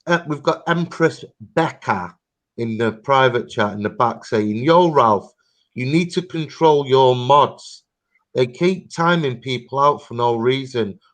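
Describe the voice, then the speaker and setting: A man with a mid-pitched voice speaks on a live-stream panel. He insists on being heard and reads chat comments aloud. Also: animated, unhurried, a bit bright.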